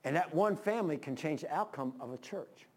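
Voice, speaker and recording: Older pastor, high voice, fervent sermon delivery with swings from loud pleas to quiet asides. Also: male voice, expressive, brisk, breathy edge. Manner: impassioned preaching, rises then drops low.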